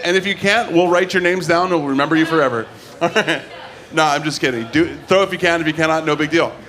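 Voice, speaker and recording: A man's voice: high-pitched, fairly bright tone. A man hosting a comedy show, bantering loosely with the crowd between acts. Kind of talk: emcee announcing between acts. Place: comedy club stage before a live audience.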